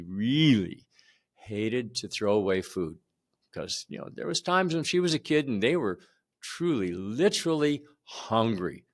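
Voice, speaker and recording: A man in his seventies telling a personal childhood story to camera in a conversational way, repeating words for emphasis. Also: lowish voice. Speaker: channel host.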